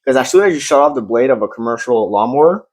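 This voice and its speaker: A man's voice: medium pitch, lively intonation, fast talker, darkish tone. A man co-hosting a casual podcast, joking crudely and rambling, recorded on a phone. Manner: joking, rambling, says random things. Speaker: podcast co-host. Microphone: phone camera.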